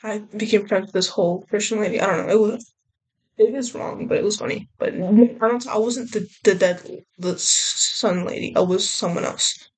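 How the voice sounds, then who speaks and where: A woman's voice: medium pitch, fairly even intonation, normal speed, husky. A young woman vlogger rambling casually, often trailing off and restarting her thoughts. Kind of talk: casual chat.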